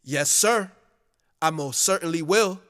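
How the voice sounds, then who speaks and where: A man doing a courteous mail clerk, eager to help and politely deferential. His voice is on the high side and slow, with a long echoing tail. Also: a bit bright, clean tone. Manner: polite and obliging.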